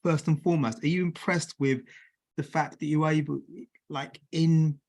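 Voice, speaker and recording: A man's voice: a little high, fairly even intonation, normal speed, a little mellow. A man hosting a podcast, encouraging his guest and asking long, winding questions. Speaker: podcast host. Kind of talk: interview.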